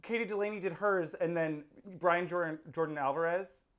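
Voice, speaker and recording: A woman's voice: lowish voice, normal speed. A woman co-hosting a casual podcast recap, giving her opinions in a chatty, agreeable way. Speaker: podcast co-host. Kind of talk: casual chat.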